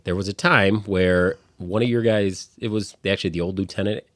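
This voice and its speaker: A man's voice: low voice, fairly even intonation, moderate pace, no room sound, clean studio sound. A man and fellow firefighter in a casual podcast chat, chatty with many affirming interjections. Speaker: firefighter co-host.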